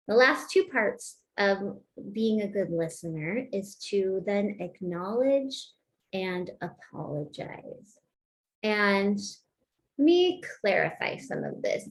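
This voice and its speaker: A woman therapist teaching a webinar, chatty and lively, often laughing and acting out example lines. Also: mid-range voice. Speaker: marriage and family therapist.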